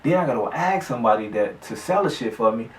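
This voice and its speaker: A man's voice: mid-range voice, animated, quick pace, far from the mic. A man vlogger telling a story casually, in slangy, profane speech with many restarts. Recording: echoey room, off-mic.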